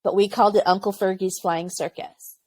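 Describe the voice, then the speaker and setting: A woman's voice: mid-range voice, fairly quick. A woman in her forties, a former Army medic, telling stories candidly in a casual interview and acting out what others said. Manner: candid, lively storytelling with quoted voices and laughter. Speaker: podcast guest, former Army aviation medic.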